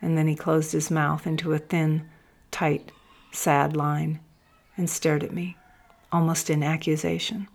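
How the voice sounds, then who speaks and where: A woman's voice: sits low, level tone, unhurried, vocal fry, darkish tone. A woman giving first-person audiobook narration with intense, emphatic storytelling.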